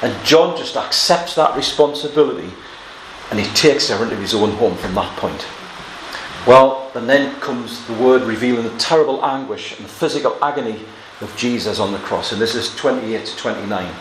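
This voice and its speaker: A man preaching an expository Bible sermon, earnest, moving between quiet reading of scripture and emphatic exclamations. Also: mid-range voice, moderate pace. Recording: echoey room with faint ambient noise.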